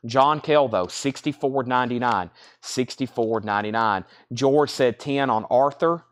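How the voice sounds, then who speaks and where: Bids and record descriptions come fast from a live auction seller, a man with a Southern US accent and medium-pitched voice, who keeps the live-stream vinyl sale moving with chatty energy.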